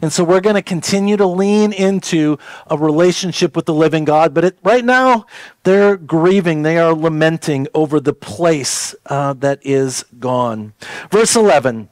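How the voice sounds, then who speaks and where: A man, a pastor giving a conversational sermon that turns to slow scripture reading. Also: high voice, dry recording. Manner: conversational, folksy preaching with repeated words; slows down to read scripture aloud.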